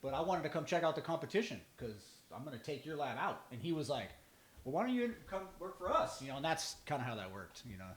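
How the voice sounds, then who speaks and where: Animated storytelling man, echoey room. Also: fairly high pitch, quick pace. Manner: animated storyteller acting out both sides of conversations. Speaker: band drummer, podcast regular. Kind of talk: casual chat, storytelling.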